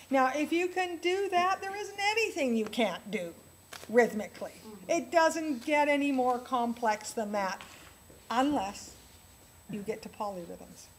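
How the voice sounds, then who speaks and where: A woman's voice: high voice, expressive, a little slow, a little hiss or hum, rough recording. A woman piano teacher leading a workshop for other teachers, enthusiastic and counting rhythms aloud.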